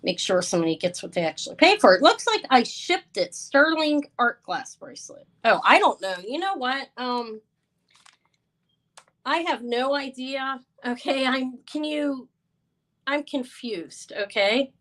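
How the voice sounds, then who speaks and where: A woman's voice: high-pitched, lively intonation, moderate pace, a bit bright, rough recording. A tired, stressed woman hosting a live jewelry sale, talking in a flustered, apologetic way with many stumbling restarts. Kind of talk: live-stream sales chat.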